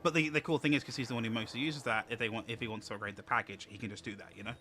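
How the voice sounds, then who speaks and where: Bright-voiced man chatting casually. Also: mid-range voice, racing, a little hiss or hum. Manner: rambling, calm, self-correcting. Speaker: streamer co-host. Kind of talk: casual chat.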